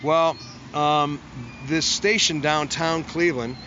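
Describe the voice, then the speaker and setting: A man's voice: a little high, fairly even intonation, slow, bright, forceful tone, a little hiss or hum. A man, a musician, telling long stories in a casual interview, full of restarts and acted-out quotes. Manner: rambling, self-interrupting, acts out quotes in a raised voice. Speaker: musician guest.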